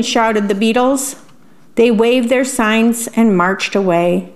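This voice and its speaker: A woman, a volunteer radio reader, gently reading a bedtime story aloud. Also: medium pitch. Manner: slow, gentle reading with lively voices.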